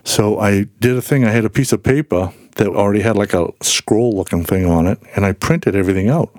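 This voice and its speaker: A man with a low, warm voice tells stories in an easy conversational way. He brings the people in his stories to life by acting out their voices. The sound is close and dry, with no room echo. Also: fairly quick. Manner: animated storyteller, acts out quoted voices. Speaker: podcast guest. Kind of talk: casual storytelling conversation.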